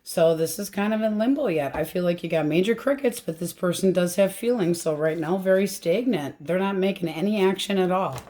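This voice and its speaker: A woman's voice: on the low side, fairly quick, hardly any pauses, warm tone, a little hiss or hum. A woman giving a casual tarot reading, chatty and blunt, swearing freely as she talks. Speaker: tarot reader.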